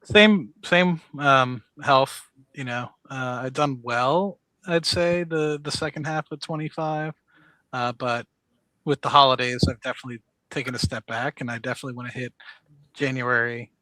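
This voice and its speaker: A man hosting a live stream, speaking in a measured way with frequent filler words. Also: medium pitch, steady tone, bright, forceful tone, no echo, low-quality recording. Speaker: stream host. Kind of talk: casual chat.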